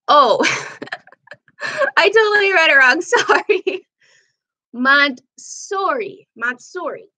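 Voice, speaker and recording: A woman's voice: medium pitch, a bit bright. A woman hosting a casual live makeup chat at home, talking in a meandering, chatty way while she applies her makeup. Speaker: livestream host. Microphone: camera mic on a live stream.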